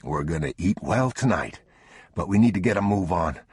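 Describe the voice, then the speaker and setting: A man voicing a weary, protective father who reassures his son in quiet, terse phrases. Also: sits low, animated, normal speed, slightly rough, no room sound, clean studio sound, exaggerated voice. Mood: urging.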